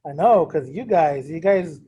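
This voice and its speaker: A man leads a math lesson in a classroom, his voice sitting a little high. He is casual and self-deprecating, and he keeps checking in with the class as he goes. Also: lively intonation, a little slow, mellow, breathy edge, lo-fi sound. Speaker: math teacher. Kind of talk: classroom lecture. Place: classroom with students also on a video call.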